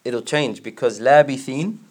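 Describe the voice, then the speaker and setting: A man teaching a religious class, explaining word by word and asking his students questions, with quick recited verses. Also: mid-range voice, darkish tone. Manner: recites verses in rapid chant.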